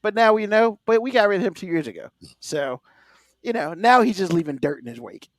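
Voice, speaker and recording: Ranting high-voiced man, dry studio sound. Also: brisk, no room sound. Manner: animated, ranting, swears freely. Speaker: podcast co-host. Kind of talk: casual sports banter.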